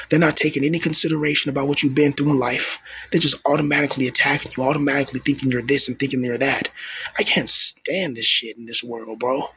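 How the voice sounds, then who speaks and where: A man's voice: medium pitch, fairly bright tone, slight background noise. A man in his thirties venting in a rambling monologue, stumbling and repeating words, with coarse, profane street talk. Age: 30s. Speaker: vlogger.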